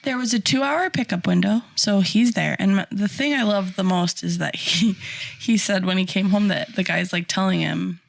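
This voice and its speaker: A woman's voice: medium pitch, moderate pace, gravelly. A young adult woman co-hosting a podcast, telling a story animatedly and acting out the people in it. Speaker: podcast co-host. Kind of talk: casual chat.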